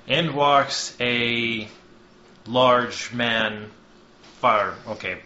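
A man's voice: medium pitch, drawn-out words, sharp tone. A man hosting a podcast and narrating a tabletop game as game master, casual and joking with lots of ums. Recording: dull, roomy lo-fi recording.

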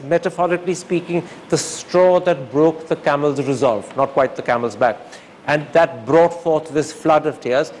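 An older man speaks in a high, clear register, building each point with formal, deliberate emphasis. A faint background hum sits under his voice. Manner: measured, emphatic, formal phrasing. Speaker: interviewer and author answering audience questions. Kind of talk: articulate public talk.

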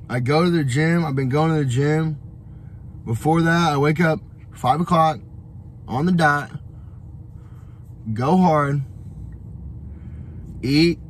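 A young man with a slightly high voice gives a loose, profane motivational rant on a travel vlog. He rambles, repeats himself and leans on fillers. A faint hum of noise sits behind him. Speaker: vlogger. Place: on the road, traveling.

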